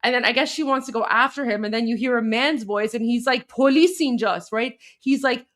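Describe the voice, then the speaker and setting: A woman talks casually over video clips as a co-host. Her speech is chatty and animated, full of "like" and restarts. Her voice sits somewhat high. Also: brisk, hardly any pauses. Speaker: political commentary co-host.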